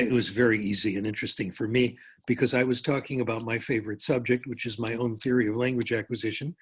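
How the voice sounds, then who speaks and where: An older man giving a lecture, telling a personal story in a relaxed, anecdotal way with small restarts. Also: medium pitch, breathy edge. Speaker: keynote speaker.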